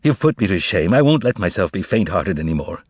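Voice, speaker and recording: A man reading aloud, voicing a weary, troubled male writer who speaks quietly and firmly. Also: deep voice, very animated, brisk, husky, no echo, exaggerated voice.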